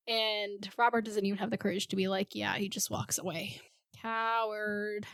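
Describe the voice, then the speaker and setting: A woman's voice: medium pitch, flat delivery, normal speed, a bit bright, no room sound, studio quality. A woman co-hosting a podcast, walking through the plot of a TV episode and acting out the characters' lines. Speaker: podcast co-host. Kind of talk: casual chat recapping a TV episode.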